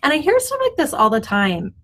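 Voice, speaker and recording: A woman's voice: sits high, wildly swooping pitch, fairly quick. A middle-aged woman talking to camera from home, casual and encouraging, with lots of ums and restarts. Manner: chatty, warm-hearted, many ums and restarts; often glances at her notes. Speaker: web designer hosting a weekly mindset video. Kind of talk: casual self-help talk to camera. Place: at home, front yard noise outside.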